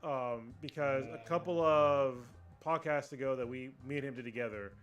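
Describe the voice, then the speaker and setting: A man co-hosting a casual livestream podcast, ranting and swearing freely in animated chat. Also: medium pitch, normal speed, lo-fi sound, soft background music. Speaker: podcast co-host.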